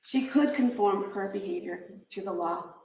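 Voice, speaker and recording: A woman prosecutor giving a closing argument in a courtroom, measured and emphatic, building her points through repeated phrases. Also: mid-range voice, creaky, a little mellow, slight background noise. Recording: echoey courtroom audio.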